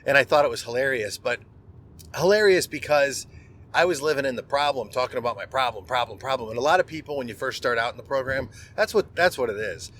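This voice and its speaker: A man's voice: mid-range voice, fast talker, fairly bright tone, slight background noise. A middle-aged man, a podcast host, telling a personal story in a candid, conversational monologue and often restarting words.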